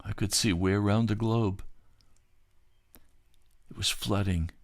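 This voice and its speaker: Male narrator, low register, dry close recording; halting first-person recollection of a dream vision. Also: fairly even intonation, no echo. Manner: halting, with repeated words and restarts.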